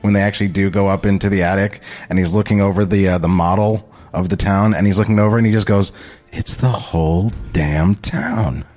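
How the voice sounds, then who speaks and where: Deep-voiced male co-host, loose and profane, talks in restarts and tangents. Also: level tone, fast, few pauses, a little mellow. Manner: rambling, swears, restarts thoughts. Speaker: co-host at a table read. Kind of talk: casual banter.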